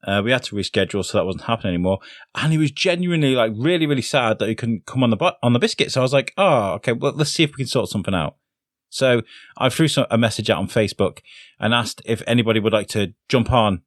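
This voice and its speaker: A low-voiced man opens his podcast in a loose, rambling way, full of "um"s and little jokes at his own expense. The sound is dry and close, with almost no room around it. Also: dry recording. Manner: chatty and self-deprecating, lots of fillers. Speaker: podcast host. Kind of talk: casual solo podcast intro.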